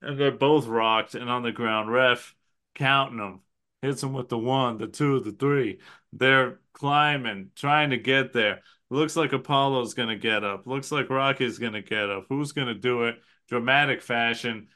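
Bright-voiced man recapping a film. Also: mid-range voice, measured pace. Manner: enthusiastic, recaps scenes play-by-play. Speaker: podcast co-host. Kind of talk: casual movie chat.

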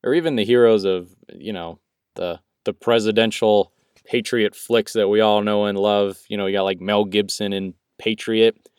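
A man with a low, resonant voice talks through a movie review in an easygoing, rambling way. He laughs often and circles back on his words. The sound is dry and close. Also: fairly even intonation, moderate pace, a little mellow, clean tone, no room sound. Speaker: podcast co-host. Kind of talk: casual movie review chat.

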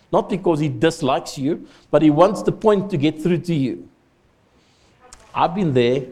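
A man's voice: high voice, a little mellow. A man preaching a sermon, emphatic and conversational, with small asides to the congregation. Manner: emphatic, rises to stress points, conversational asides. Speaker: pastor.

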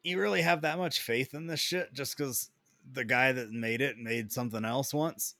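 A man co-hosting a casual podcast, talking bluntly with plenty of cursing and quick reactions. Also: medium pitch, pushed and bright, dry recording, studio quality. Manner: blunt, profane, short reactions. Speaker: podcast co-host. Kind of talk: casual chat.

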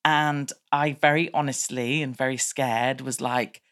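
A woman in her thirties with a British accent, a business coach telling a candid personal story in an animated monologue. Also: a bass voice, measured pace. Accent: British English.

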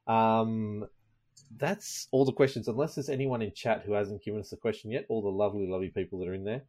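A low-pitched man hosts a casual live podcast. He rambles in a chatty way with lots of ums, and the sound is dry and close. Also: fairly even intonation, fast talker, darkish tone, dry recording. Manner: chatty, rambling with many fillers. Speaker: podcast host.

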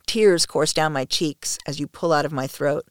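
A woman narrating an intimate first-person story in a soft, hushed, slow manner. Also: sits low, no room sound, clean studio sound.

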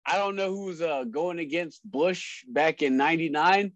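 A man's voice: fairly high pitch, normal speed, dry recording, lo-fi sound. A man, a guest on a casual podcast, telling stories with frequent laughter and lots of swearing. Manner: laughing often, profane, animated storytelling.

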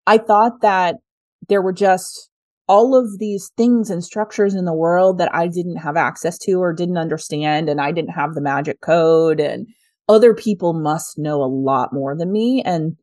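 A woman's voice: lowish voice, a little slow, a little mellow, dry recording, clean studio sound. A woman in her thirties, a business executive answering interview questions in an earnest, reflective way with frequent laughs. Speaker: guest, revenue executive. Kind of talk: conversational interview.

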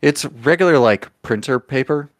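A man running a tabletop game as game master, explaining rules and describing clues in an unhurried, hedging way. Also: mid-range voice, dry recording, studio quality.

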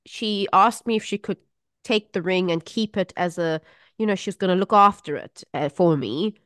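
A woman co-hosting a casual chat and telling an animated family anecdote with frequent laughter. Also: on the low side, moderate pace, smooth, dry recording, studio quality. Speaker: podcast co-host.

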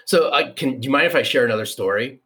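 A man in his fifties, a podcast guest telling a personal story in an animated, repeating way. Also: medium pitch, quick pace. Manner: animated, restarts, repeats for emphasis. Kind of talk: conversational storytelling.

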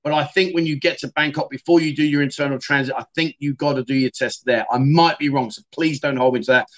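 Middle-aged man, livestream host, slightly high-pitched, casual and chatty with viewers. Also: fairly even intonation, fast. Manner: chatty, self-deprecating, calls viewers mate. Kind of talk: casual livestream chat reading comments.

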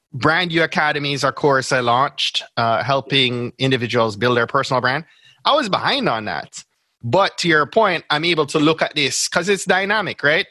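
A man with a Jamaican accent, a brand strategist appearing as a podcast guest, explains things step by step in casual interview talk, often checking in with "right?" His medium-pitched voice is bright and forceful, with no room sound.

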